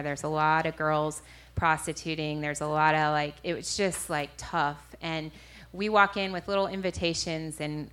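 A woman's voice: sits low, sharp tone. A woman minister giving a personal testimony to an audience, storytelling animatedly with frequent self-corrections. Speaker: street minister.

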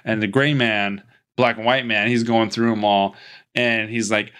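A man's voice: lowish voice, steady tone, a little slow, a bit bright, clean tone. A man casually recapping a movie plot on a podcast, rambling with restarts and laughing at his own jokes. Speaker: podcast host.

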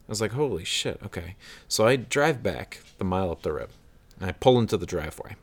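Casual male podcast host, lowish voice, lively storyteller who acts out the people he quotes. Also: brisk.

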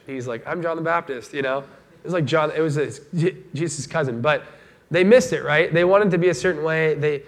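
With a voice on the high side, a pastor preaches casually and conversationally, bringing animation to it by acting out the voices of those he quotes.

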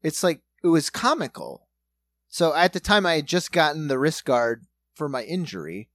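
A man's voice: on the high side, expressive, normal speed, fairly bright tone, no echo. A man in his thirties telling comedic travel stories in casual, profane chat, acting out other people's lines. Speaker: podcast co-host.

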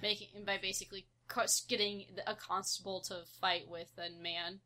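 Chatty woman with a bright voice. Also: medium pitch, level tone. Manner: chatty, lots of "like", quick bursts of outrage. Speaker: podcast co-host. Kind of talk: casual movie discussion.

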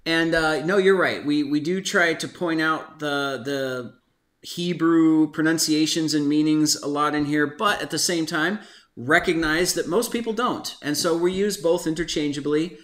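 A man's voice: a little high, measured pace, fairly bright tone, roomy sound. A man hosting a casual Bible study conversation, chatty and laughing often as he reads out passages. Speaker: host of a Bible study podcast.

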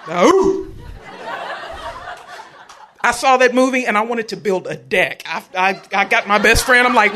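High, bright-voiced storyteller. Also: male voice, moderate pace, a little hiss or hum. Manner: animated, joking with the audience. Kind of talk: live storytelling performance. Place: live event venue.

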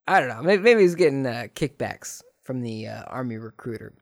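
A man's voice: medium pitch, expressive, moderate pace, few pauses. A man in his thirties spins a casual, joking story from his own life. His delivery is sarcastic and loose, full of fillers and restarts, in an ordinary mid-range voice.

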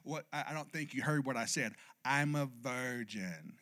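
A man's voice: mid-range voice, moderate pace, pushed and bright, voice pushed down, natural voice. A man voicing a young woman, Mary, who is perplexed and stammers in disbelief.

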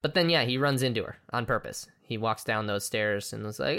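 A young woman chatting casually about a film, relaxed and halting, often laughing. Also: very deep voice.

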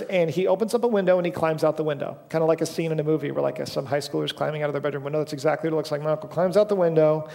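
A man's voice: a little high, creaky, darkish tone, long reverb tail. A young man preaching a sermon in a church, telling a story casually and self-deprecatingly with lots of fillers. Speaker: pastor. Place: church sanctuary.

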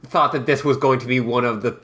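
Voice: mid-range voice, fairly even intonation, fairly quick, fairly bright tone. A podcast co-host in casual chat, hesitant and often restarting sentences.

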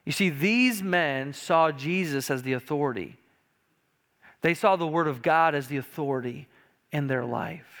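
A male pastor preaching a sermon in a church, emphatic and repetitive, slowing down on key lines and building louder toward urgent points. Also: fairly high pitch. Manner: emphatic preaching, repeats key phrases and often says "listen". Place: church sanctuary.

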